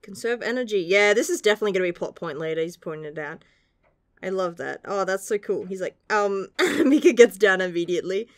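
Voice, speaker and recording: A woman's voice: mid-range voice, a little fast, no echo. Gushing young woman reviewing manga, dry sound. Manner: gushing and excitable, laughs often, swears casually. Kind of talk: casual chapter review.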